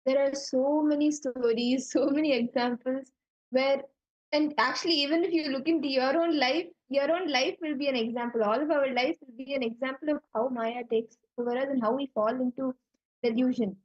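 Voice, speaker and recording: A woman's voice: high voice, fairly even intonation, normal speed, lo-fi sound. A woman giving a reflective spiritual talk, loose and full of fillers and restarts.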